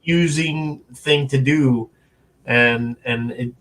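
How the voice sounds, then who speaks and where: A man's voice: mid-range voice, takes it slowly, a bit bright. A man speaking as an interview guest, earnest and reflective, often restarting his sentences. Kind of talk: casual conversational interview.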